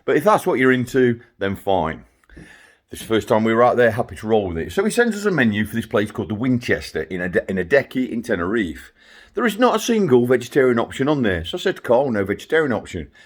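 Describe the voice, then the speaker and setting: Middle-aged man, father, ranting video message, chatty asides, animated pitch, mid-range voice. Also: fast talker. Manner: ranting, chatty, self-interrupting with laughs and asides. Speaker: father vlogging to his sons. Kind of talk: rambling personal video update.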